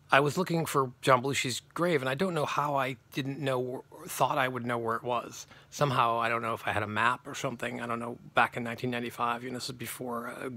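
A man rambles through a personal anecdote in a gravelly voice with a bright, forward edge. He restarts and corrects himself often, circling back as he goes. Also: mid-range voice. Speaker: channel host telling a personal story.

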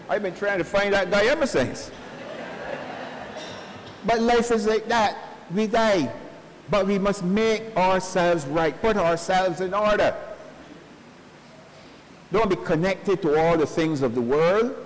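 A male pastor giving a funeral sermon in earnest, slow preaching sprinkled with homespun stories, recorded at a church service. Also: high-pitched, slight background noise. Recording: long church reverb.

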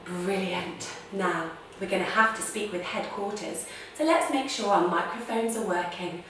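Playful and full of gasps and beeping noises, this children's yoga teacher tells a guided story at normal speed. Her mid-range voice has a fairly bright tone, captured by a distant mic in an echoey room with slight background noise.

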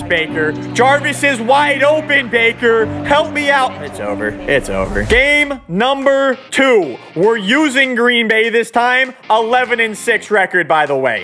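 A gaming YouTuber with a high-pitched voice commentates live over his own football video game play. He's excitable, swinging between muttered asides and sudden shouts.

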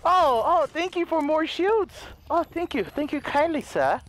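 A man with a very high voice that bounces all over the place gives excitable, jokey commentary on his own gameplay. He drops to hushed mutters and then breaks into loud yells. A faint hiss sits under his voice. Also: unhurried.

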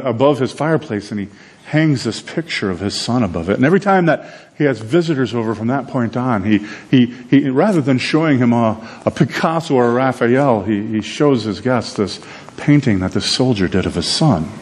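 A man preaching a sermon, telling a story in a conversational, animated way with frequent repeated words. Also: fairly low pitch, a little hiss or hum. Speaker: pastor.

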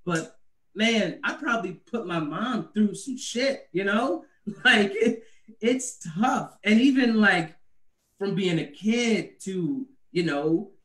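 Brief: male stand-up comic, light high voice, chatty and animated, recorded away from the mic. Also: slow, far from the mic. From US Northeast. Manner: conversational, animated, laughs at own jokes. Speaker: stand-up comedian. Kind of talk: stand-up comedy set about parenting. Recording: echoey room, away from the mic.

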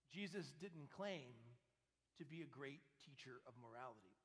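A man's voice: medium pitch, lively intonation, brisk. A priest giving a sermon to his congregation in a church, speaking with emphasis and asking them rhetorical questions. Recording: long church reverb.

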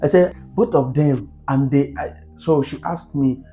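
Animated Nigerian man telling a story. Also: moderate pace, hardly any pauses, faint music behind. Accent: Nigerian English. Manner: animated and exasperated, pitch jumping up on exclamations. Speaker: vlogger. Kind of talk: storytime monologue to camera.

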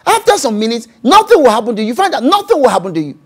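A man's voice: very high voice, big pitch swings, rapid-fire, husky. A man with a Nigerian accent, a pastor preaching a sermon and acting out voices and speaking in tongues.

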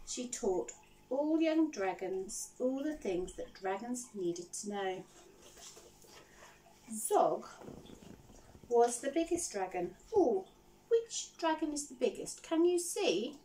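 Animated woman reading a storybook to children. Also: mid-range voice, far from the mic, slight background noise, poor audio. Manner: animated, asks the listeners questions. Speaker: teacher reading a picture book.

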